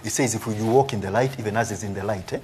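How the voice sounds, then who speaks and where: A man's voice: fairly low pitch, fast, slight background noise. A man preaching a live sermon as a prophet, reading scripture aloud and explaining it, often ending lines with "eh?" and laughing. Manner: animated preaching with frequent "eh?" tags and laughs.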